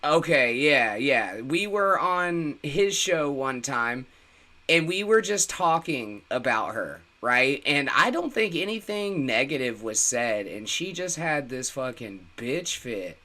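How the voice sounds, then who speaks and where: Man, blunt and profane, very bright tense voice, casual chat. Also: mid-range voice, takes it slowly. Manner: blunt, swears a lot, animated storytelling.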